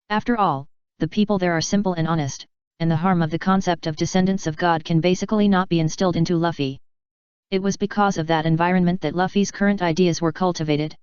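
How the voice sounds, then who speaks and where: Woman audiobook narrator, plain reading, low voice, dry muffled audio. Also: darkish tone, clear, resonant tone, no echo.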